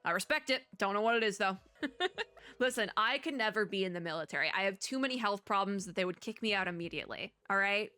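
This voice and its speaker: A woman streamer with a bright, forward voice talks through a story game, reading lines aloud and trailing off into chatty asides. Her throat sounds strained, and she laughs often between thoughts. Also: medium pitch, lively intonation, fast talker, smooth. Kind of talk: casual gameplay commentary and reading aloud.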